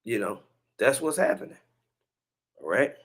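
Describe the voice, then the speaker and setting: A man hosting a religious commentary show in a relaxed, chatty way. His voice sits in an ordinary middle range. He preaches between clips and breaks off into chuckling asides. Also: mid-range voice, a little slow, slightly rough. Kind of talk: casual commentary on video clips.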